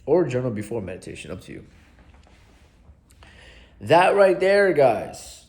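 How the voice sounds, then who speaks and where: A man's voice: medium pitch, big pitch swings, a little slow, darkish tone. A young adult man coaching viewers in a casual vlog, earnest and blunt, swearing casually and repeating himself for emphasis. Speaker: self-help coach.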